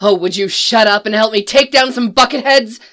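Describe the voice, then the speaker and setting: A woman's voice: a little high, moderate pace, fairly bright tone, natural voice. A woman voicing a tough rebel general woman who growls impatiently.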